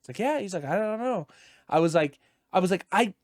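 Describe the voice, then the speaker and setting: A man co-hosting a gaming podcast, telling a story in an animated, profane rant. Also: high-pitched, a little fast, dry recording, studio quality. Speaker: podcast co-host. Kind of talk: casual podcast chat.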